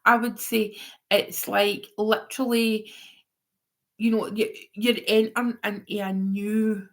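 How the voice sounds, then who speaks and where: A woman's voice: mid-range voice, flat delivery, slow. A woman giving a live-stream tarot reading in a chatty, rambling way, often going off on tangents. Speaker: tarot reader.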